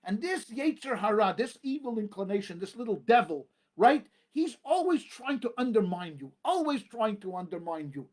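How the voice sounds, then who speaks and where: A man's voice: sits high, very animated. Emphatic rabbi preaching, man. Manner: emphatic, repetitive preaching with dramatic pauses. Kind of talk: sermon.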